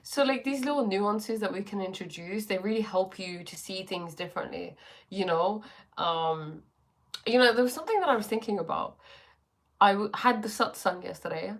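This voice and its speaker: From her bedroom, a woman hosts a casual spiritual livestream, speaking reflectively despite a sore throat. She greets viewers and uses lots of fillers. Her voice is mid-range, her speed normal.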